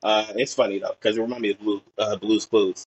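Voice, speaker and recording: A man's voice: on the low side, fairly even intonation, a little fast, husky, muffled recording. A young man from Portland, Oregon, a podcast guest telling stories in a rambling way, full of fillers and acted-out quotes. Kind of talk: casual storytelling chat.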